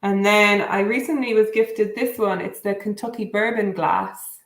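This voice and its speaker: A woman's voice: mid-range voice, steady tone. A woman chats casually and bubbly during a whiskey tasting. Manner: bubbly, rambling, quick asides. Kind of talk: casual chat, livestream tasting. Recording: echoey room.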